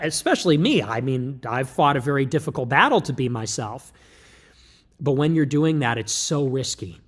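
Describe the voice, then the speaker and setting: A man giving a rambling livestream monologue, breaking off mid-thought and starting again with quick asides. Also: a little high, fairly bright tone. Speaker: political streamer.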